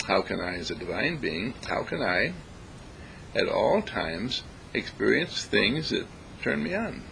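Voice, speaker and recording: A man giving a reflective spiritual talk, deliberate and emphatic, repeating phrases to stress them. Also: lowish voice, sing-song, creaky, pushed and bright, a little hiss or hum, rough recording. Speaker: spiritual speaker.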